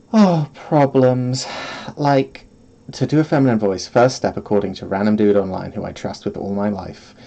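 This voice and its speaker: A man's voice: on the low side, vocal fry, darkish tone, breathy edge, muffled recording. A man streaming from home, chatting casually in a rambling, self-deprecating way and often breaking into giggles. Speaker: vtuber streamer. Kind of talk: casual solo stream chat.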